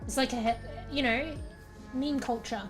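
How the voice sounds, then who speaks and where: A young woman with an Australian accent rambles through a casual livestream chat, cursing freely and laughing as she goes. Her voice sits a bit high, close on a desk microphone, with faint music underneath. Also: fairly even intonation, unhurried. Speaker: streamer. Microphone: new desk microphone, close.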